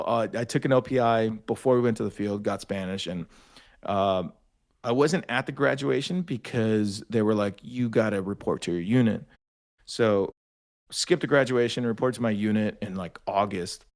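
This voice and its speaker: Casting: young adult man, low-ish voice, profane animated storyteller, casual podcast guest. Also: moderate pace. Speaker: podcast guest, army veteran.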